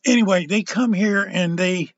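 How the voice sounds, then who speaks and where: Older man, high husky voice, halting rambling monologue, dull dry lo-fi recording. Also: dry recording. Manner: rambling, halting, stumbles over words. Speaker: political commentator. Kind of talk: casual political monologue.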